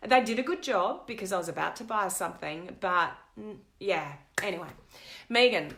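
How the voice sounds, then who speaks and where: A woman's voice: medium pitch, lively intonation, moderate pace, a bit bright, echoey room. A woman hosting a live stream, telling a story in a casual, chatty way and reading viewer comments aloud. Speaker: host of a live video stream.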